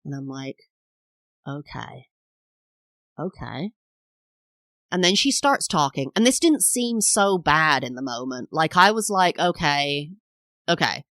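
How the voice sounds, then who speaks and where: A woman's voice: sits low, expressive, normal speed, fairly bright tone, no echo. A woman in her thirties, a podcast host telling a personal story in a chatty, rambling way, full of fillers and acted-out quotes. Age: 30s.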